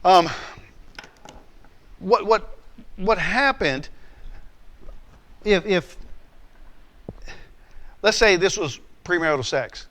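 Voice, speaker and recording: Male pastor, sermon, fairly high voice, animated storytelling, repeated restarts. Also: extremely slow, pauses often.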